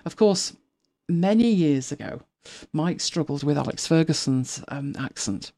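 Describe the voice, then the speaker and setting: A woman's voice: low voice, lively intonation, unhurried, mellow. Chatty woman in her fifties. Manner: chatty, rambling, laughs often, drops to a whisper at times. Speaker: podcast co-host. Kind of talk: casual chat.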